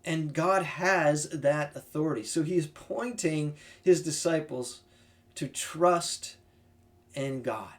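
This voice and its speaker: A man explaining a Bible passage in a relaxed, conversational study talk. His voice sits a bit higher than most men's. He thinks aloud as he goes and often turns to listeners with a quick "right?". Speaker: Bible teacher.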